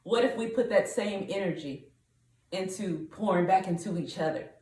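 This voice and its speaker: A woman's voice: on the low side, a little mellow, reverberant, far from the mic, a little hiss or hum, rough recording. A woman hosting a podcast, delivering a preachy, rallying monologue to her listeners and sometimes breaking into song. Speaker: podcast host.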